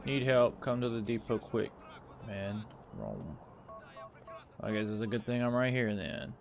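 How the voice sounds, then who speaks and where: A man's voice: lowish voice, a little slow, gravelly, a little hiss or hum. A young man casually commenting to himself as he plays a game on a live stream, laid-back and swearing now and then. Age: young adult. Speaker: streamer playing a video game.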